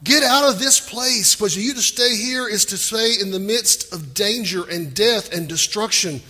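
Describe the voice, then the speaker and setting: A man voicing a stern angel who gives loud, clipped, urgent orders. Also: high-pitched, normal speed, long reverb tail, voice pushed up, full character voice.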